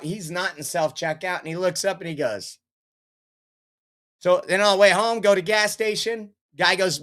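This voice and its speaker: A man's voice: sits high, pushed and bright. A man hosting a political commentary show, telling rambling anecdotes in a casual, chatty way.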